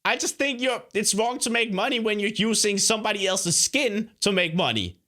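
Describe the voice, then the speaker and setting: A man's voice: high voice, expressive, normal speed, bright, forceful tone. A young man hosting a reaction video, talking back at a clip in an indignant, sarcastic way. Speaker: YouTuber host. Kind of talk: reaction commentary.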